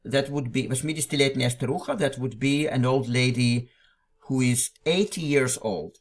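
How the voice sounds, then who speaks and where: A man's voice: mid-range voice, moderate pace. A man teaching a language through a classic text, explaining it line by line. He talks patiently and often repeats phrases or restarts a sentence.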